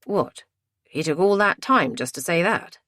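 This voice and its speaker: A woman reading as a grumbling middle-aged man with a dry, sardonic edge, pitched low and flat. The close audiobook voice has no room echo. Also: unhurried.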